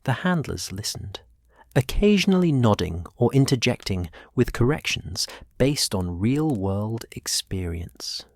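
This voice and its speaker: A man narrating a bedtime sleep story slowly and softly, sometimes dropping to a whisper. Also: medium pitch, very animated, dry recording. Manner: slow, soft, partly whispered.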